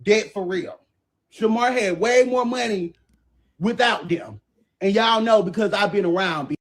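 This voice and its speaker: A high-pitched man rants heatedly on his livestream. He curses at commenters, shouts at times, and keeps breaking off to apologize. He talks straight into his phone or webcam mic from home. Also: a little slow. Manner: profane, confrontational, repeatedly apologizing.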